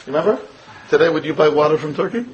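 The recording is muffled as an American man, a rabbi, rushes through a Torah lecture at a very fast clip. His fairly high voice has lively intonation, and he blends Hebrew and Yiddish into a stream of rhetorical questions for his students.

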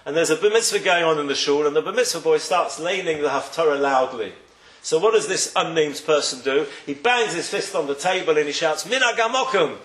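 Storytelling rabbi in an echoey room. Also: male voice, on the high side, a little fast, fairly bright tone. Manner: storytelling, acts out quoted people, rising and falling emphasis. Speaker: rabbi giving a talk. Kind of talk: sermon with stories.

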